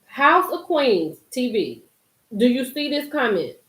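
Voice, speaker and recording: A woman hosting a casual live-stream commentary, emphatic and animated, reading and reacting to viewer comments. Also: high-pitched, slow pace. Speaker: YouTube commentary host. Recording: roomy echo.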